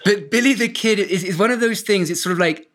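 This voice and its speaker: A man's voice: high voice, a little fast, noisy background. A middle-aged man with an English accent, a podcast guest chatting in a wry, self-deprecating way with frequent restarts. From born in Hawaii, raised in Portugal and England. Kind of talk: casual podcast chat.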